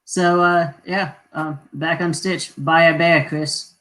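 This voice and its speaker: A man's voice: fairly high pitch, steady tone, takes it slowly, bright, forceful tone, low-quality recording. A man joining a casual livestream as a guest, teasing the hosts and giggling. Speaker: stream guest.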